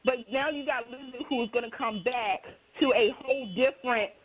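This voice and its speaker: A woman co-hosting a casual chat about soap operas, talking in an animated, emphatic way. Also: on the high side, normal speed, a little hiss or hum. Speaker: co-host. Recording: tinny phone-line audio.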